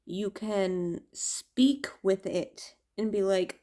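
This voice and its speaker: Slow-talking laughing tarot reader woman. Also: mid-range voice, mellow. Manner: laughing, swearing, rambling storyteller. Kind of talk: casual monologue to camera.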